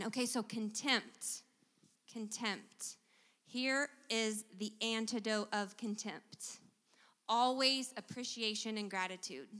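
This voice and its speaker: A woman's voice: on the high side, pushed and bright. A middle-aged woman, teaching a church congregation about relationships and quizzing them as she goes. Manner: teacherly, engages the audience with questions. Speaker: guest speaker at a church service. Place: church sanctuary. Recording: church hall reverb.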